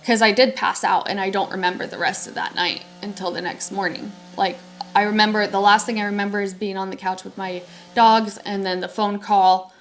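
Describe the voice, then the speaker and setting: Young woman telling a story, animated. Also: mid-range voice, fairly quick, soft background music. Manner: animated, acts out quoted voices. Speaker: podcast host. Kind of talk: casual storytelling.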